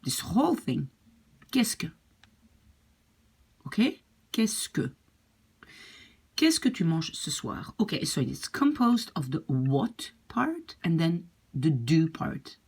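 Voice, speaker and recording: A woman's voice: low voice, sing-song, measured pace, gravelly, few pauses, a little mellow, slightly rough. A woman teaching a language lesson, patiently explaining and repeating pronunciation examples. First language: French or Dutch. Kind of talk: explaining French grammar in English.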